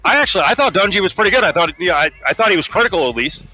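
Radio host, man, rapid delivery, very bright tone, throws questions. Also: high-pitched, animated, soft background music. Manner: quick, questioning. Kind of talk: casual sports radio chat.

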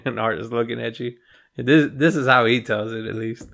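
A man's voice: medium pitch, steady tone, normal speed, gravelly, a bit bright. A man chatting casually on a podcast, teasing the others and laughing often. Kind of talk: casual chat.

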